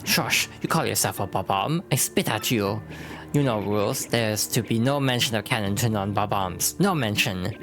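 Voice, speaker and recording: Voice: mid-range voice, moderate pace, lightly acted. A round little bomb villager from a video game speaks in clipped, broken phrases with a thick put-on accent, voiced by a streamer. The game dialogue is read aloud over faint background music. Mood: stern. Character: Bob-omb townsfolk in a put-on foreign accent.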